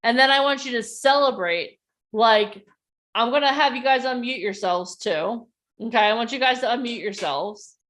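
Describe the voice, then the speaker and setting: A woman coaching participants on a video call, leading a guided breathing exercise and then a motivational talk, speaking calmly and softly at first. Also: a little high, moderate pace. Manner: calm and soft in the breathing part. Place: outdoors or near the street in a neighborhood.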